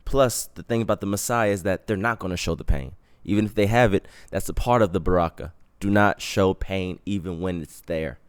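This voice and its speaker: Young guy podcast host spinning a story, slangy, animated, smooth clear voice. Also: sits low, fairly quick, few pauses. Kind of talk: casual storytelling.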